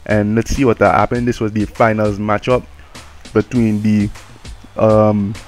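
A man's voice: lowish voice, unhurried, soft background music, close to an everyday voice. A man voicing a brash, swearing male game commentator with a put-on Jamaican accent, calling the play live. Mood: boastful. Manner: swearing, mocking, excitable play-by-play.

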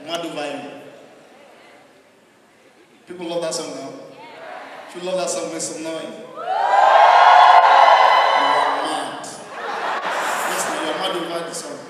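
A man with a Nigerian accent performs stand-up comedy in a live venue, his delivery animated and full of pidgin asides. His voice sits high for a man. It rings through a large echoey hall and sounds distant from the mic. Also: noisy background. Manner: animated, switching between singing, shouting and pidgin asides.

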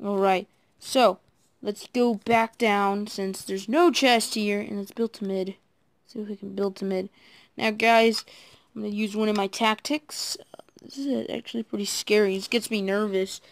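A woman giving casual, excitable commentary while playing a game, talking to her viewers and admitting she is nervous. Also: medium pitch, a little slow, no room sound. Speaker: gaming video creator.

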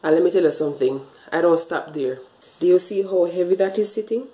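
A woman's voice: on the low side, fairly quick, dark tone, echoey room, low-quality recording. A woman vlogging a hair wash routine, explaining each step casually to the camera and a bit out of breath. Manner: chatty, explains step by step while washing her hair. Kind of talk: casual tutorial talk to camera.

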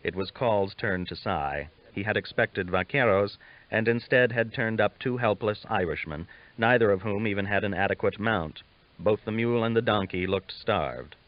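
Low-voiced male audiobook narrator, lo-fi. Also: moderate pace. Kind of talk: scripted narration. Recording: dull lo-fi recording.

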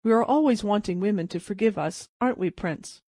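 A woman's voice: mid-range voice, a little fast, mellow, no echo, close to an everyday voice. Woman reading as a bitter jilted young man. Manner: wry, mocking deference turning hopeless.

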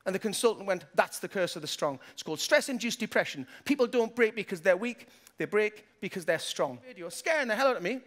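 Man, 50s, motivational keynote speaker: very high, brisk, animated storyteller, faint music underneath. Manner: lively storytelling, acts out the people he quotes. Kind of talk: keynote talk to a live audience.

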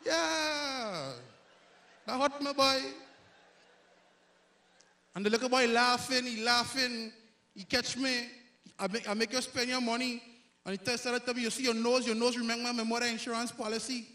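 A man from Grenada with a Grenadian accent, performing a loud, self-mocking stand-up comedy set on stage. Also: very high voice, fairly even intonation, normal speed, long pauses. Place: live comedy stage before an audience.

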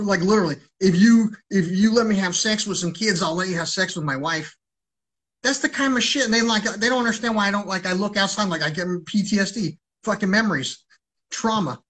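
A man's voice: sits high, a bit bright. A man ranting on a livestream in an agitated, rambling way, swearing heavily.

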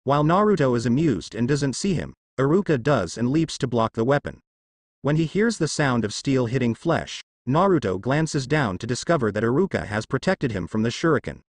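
A man's voice: medium pitch, very animated, fairly quick, no echo. A man narrating a dramatic fan fiction story.

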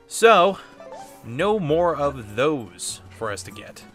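A man's voice: fairly high pitch, very animated, takes it slowly, a bit bright, faint music behind. A man hosting a video game playthrough, playful and chatty as he comments on what he does. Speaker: let's play host.

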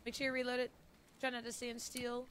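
A woman's voice: on the high side, completely flat delivery, brisk, a bit bright, a little hiss or hum. A woman playing a game with friends, teasing and easygoing in casual chat. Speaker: gaming teammate.

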